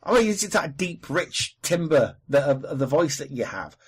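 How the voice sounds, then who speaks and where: Husky chatty Welsh podcast man. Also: fairly high pitch, very animated, normal speed. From Wales. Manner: chatty, opinionated, swears casually. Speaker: podcast co-host. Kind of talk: casual chat.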